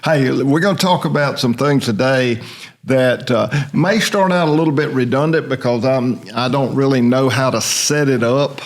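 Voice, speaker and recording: A man's voice: medium pitch, normal speed. An older man hosting a casual podcast chat, rambling along in a folksy storytelling way. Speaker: host.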